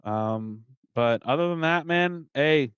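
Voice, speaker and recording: A man's voice: a little high, takes it slowly, clean tone, dry recording, lo-fi sound. A man who runs the racing league, chatting casually about his race and the schedule, swearing and laughing along the way. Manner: relaxed, swears, laughs often. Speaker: league organizer and commentator. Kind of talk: casual chat.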